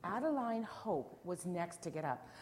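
A woman reads a picture book aloud to children, animated and playful. She pauses to ask the listeners questions and sometimes dips into whispers. Her voice sits low, with a faint hiss behind. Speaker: storyteller.

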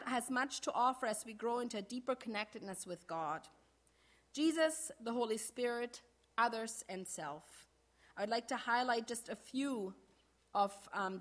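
A middle-aged woman pastor giving a sermon in a measured way, slowing down to stress key phrases. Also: fairly high pitch, animated.

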